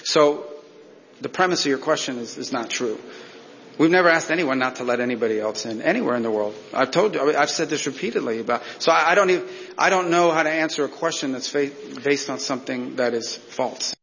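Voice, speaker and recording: A man's voice: medium pitch, expressive, a little fast, fairly bright tone, big-room sound, dull audio, slight background noise. A man speaking at a press conference, giving a formal speech and then pushing back hard against a reporter's question. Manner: combative and dismissive with reporters. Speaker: government official at a news conference.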